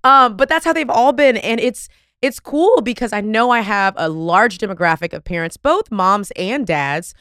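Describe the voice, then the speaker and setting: A woman, hosting a podcast interview in an effusive, animated way with casual slang. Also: mid-range voice, normal speed, clear, resonant tone, no room sound, clean studio sound. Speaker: podcast host.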